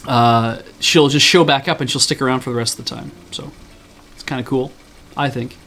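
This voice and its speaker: A man's voice: mid-range voice, fairly even intonation, normal speed, a bit bright, slight background noise. A man streaming a farming game, chatting casually with his viewers and poking fun at himself. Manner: chatty, self-deprecating, answers chat. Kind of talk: casual game commentary to chat.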